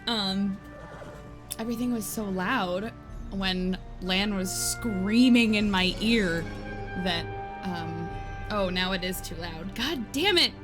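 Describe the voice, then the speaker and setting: A woman's voice: medium pitch, slow. Casting: woman game streamer, rambling and giggly, casual, faint game music underneath. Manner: chatty, rambling, peppered with "like"; giggly, animated storytelling. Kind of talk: casual live-stream chat.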